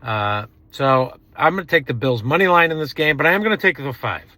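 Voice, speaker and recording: Bright, thinking-aloud male co-host. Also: fairly high pitch, lively intonation, brisk, no room sound. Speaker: podcast co-host. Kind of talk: casual sports betting chat.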